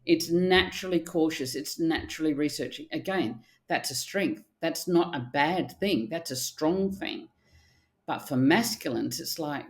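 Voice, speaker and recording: A middle-aged woman with a low, deep voice talks in a relaxed podcast chat. She is an animated, blunt therapist who swears now and then. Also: a little slow. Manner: animated, acts out quotes, blunt with casual swearing. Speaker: archetypal therapist guest.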